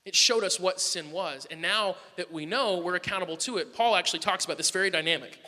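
A man preaching a sermon, telling a family story with animated swings between loud bursts and soft asides. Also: sits high, fast talker, long reverb tail. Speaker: pastor.

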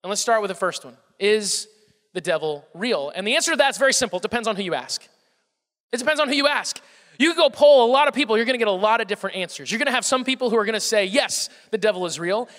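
A man's voice: high-pitched, quick pace, fairly bright tone, long reverb tail. A male pastor with a Southern American accent preaching a conversational sermon, often repeating words and putting questions to the congregation.

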